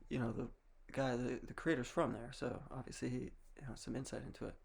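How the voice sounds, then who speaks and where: Young man from Massachusetts, casual vlogger, rambling and wry, with a gravelly, husky voice. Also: mid-range voice, little pitch movement, a little fast. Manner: rambling, wry, with frequent restarts and soft laughs. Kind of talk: casual monologue.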